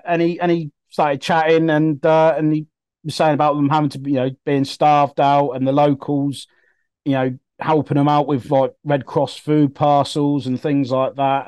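A man's voice: a little high, flat delivery, moderate pace, darkish tone, smooth, no room sound. A young man telling a story in casual podcast chat, rambling with many fillers and restarts. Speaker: podcast co-host.

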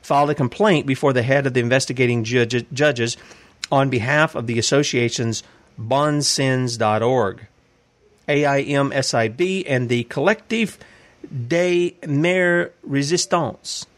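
A man's voice: mid-range voice, normal speed. A man hosting a casual commentary show, reading news articles aloud and asking rambling questions about them. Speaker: host.

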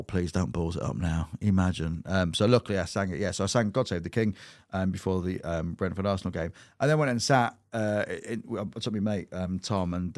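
A man with a fairly low voice tells loose, rambling stories on a podcast, stopping and restarting his sentences as he goes. He is a comedian and classical singer chatting as a guest. The sound is dry and close, with no room echo. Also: a little mellow. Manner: rambling anecdotes with many restarts and fillers. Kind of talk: casual podcast chat.

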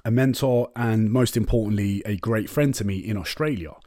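A man's voice: on the low side, moderate pace, warm tone, dry recording, studio quality. A young man hosting a podcast, telling a personal story in a candid, chatty way. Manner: candid and chatty, swears and says "innit, man". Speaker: podcast host. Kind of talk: casual storytelling monologue.

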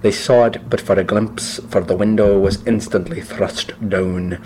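A man with a fairly low voice co-hosts a relaxed book-discussion podcast. He muses out loud and laughs easily, and when he reads passages aloud his delivery turns hushed and slow. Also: a little hiss or hum. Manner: chatty, laughs, trails off into musing. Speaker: podcast co-host.

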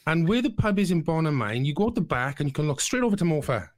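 A man telling a relaxed story about an old gig in casual chat. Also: fairly high pitch, quick pace, no echo, clean studio sound.

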